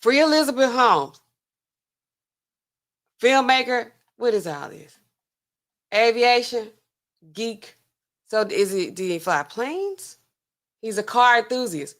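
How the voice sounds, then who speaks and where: A woman's voice: a little high, expressive, slow, pauses often, fairly bright tone. A woman hosting a casual livestream as a pharmacist, chatting with her viewers in a sassy, incredulous way. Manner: chatty, sassy, talks to chat, laughs incredulously.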